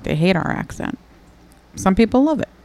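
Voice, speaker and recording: A woman's voice: mid-range voice, big pitch swings, darkish tone. A young woman with a New York accent, chatty and laughing as she co-hosts a stream. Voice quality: clear. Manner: chatty, laughing, spells out words slowly. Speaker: stream co-host. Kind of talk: casual chat.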